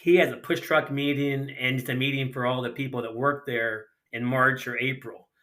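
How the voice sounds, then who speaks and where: Bright-voiced middle-aged man spinning race yarns. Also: medium pitch, normal speed. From Ohio. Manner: animated anecdotes with lots of acted-out dialogue and casual slang. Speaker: guest, retired sprint car racer. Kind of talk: casual storytelling in a podcast interview.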